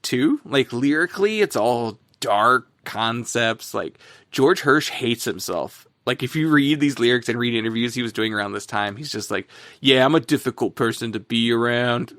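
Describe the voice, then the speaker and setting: A man co-hosting a podcast, talking about music in a rambling, casual way, full of fillers and quick laughs. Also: mid-range voice, fairly bright tone, no echo, studio quality. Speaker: podcast co-host.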